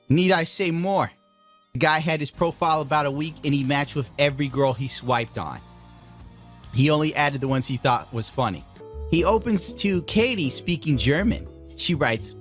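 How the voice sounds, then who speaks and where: A man's voice: fairly high pitch, lively intonation, normal speed, soft background music. Laughing, incredulous young-sounding man. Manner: laughing, incredulous, reads messages aloud in mocking voices. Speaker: streamer reacting to dating-app messages. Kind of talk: casual reaction commentary.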